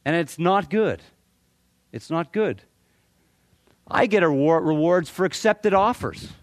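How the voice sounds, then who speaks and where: A middle-aged man from Canada giving a talk to a live audience, animated and joking, often repeating words as he restarts. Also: a little high, takes it slowly, dry recording. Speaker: motivational speaker.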